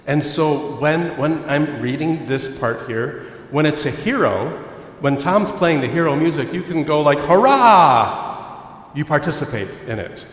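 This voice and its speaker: A man's voice: fairly high pitch, normal speed. A man preaching a lighthearted sermon, joking and chatting with his congregation. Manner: jokey, chatty, talks with the audience. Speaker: pastor. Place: church hall. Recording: echoey church hall with long reverb.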